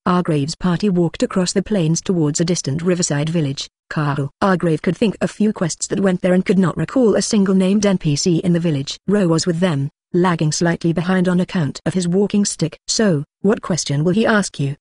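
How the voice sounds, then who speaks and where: Steady, dry-sounding audiobook narrator. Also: mid-range voice, a little fast, few pauses, husky, no echo. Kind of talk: scripted fantasy narration.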